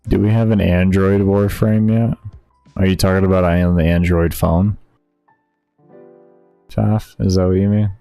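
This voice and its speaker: A man's voice: sits low, little pitch movement, unhurried, vocal fry, pauses often, warm tone, smooth, no echo. A male streamer in laid-back, slangy casual chat, talking to his viewers. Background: faint background music.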